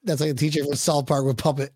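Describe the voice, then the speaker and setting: A man co-hosting a casual sports podcast livestream, excitable, stammering through restarts and reading out viewer comments. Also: on the high side, fairly quick, slightly rough, no echo. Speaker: podcast co-host.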